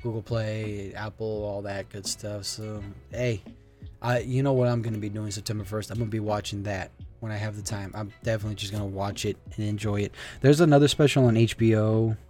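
A man's voice: lowish voice, fairly even intonation, fairly quick, a little mellow. Casual male host, loose and rambling, swears, faint music underneath. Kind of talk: casual solo chat.

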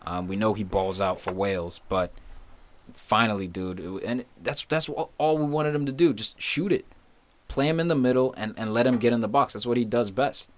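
A man co-hosting a casual soccer podcast, talking excitedly and sarcastically and swearing freely. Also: on the low side, moderate pace. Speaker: podcast co-host. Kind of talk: casual chat.

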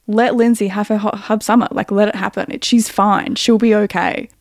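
A woman's voice: mid-range voice, steady tone, normal speed, vocal fry, dry recording. Blunt woman podcast co-host, dry sound. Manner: blunt, exasperated. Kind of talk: casual chat.

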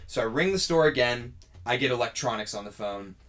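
A man's voice: mid-range voice, fairly quick. Young man telling a story on a podcast. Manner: animated storytelling, acts out quoted people. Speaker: podcast co-host. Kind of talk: casual chat.

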